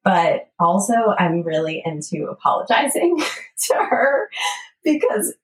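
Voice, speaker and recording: A woman in her forties hosting a podcast, talking earnestly and reflectively, sometimes dropping to a soft whisper. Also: fairly low pitch, big pitch swings, a little slow. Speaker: podcast host. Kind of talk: casual conversation. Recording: roomy, distant mic.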